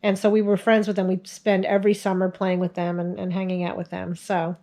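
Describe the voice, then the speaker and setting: A woman's voice: mid-range voice, little pitch movement, fairly quick, warm tone. Chatty woman in her forties, storytelling. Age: 40s. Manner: chatty, laughs often while telling. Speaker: video host sharing family stories. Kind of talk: casual storytelling to camera.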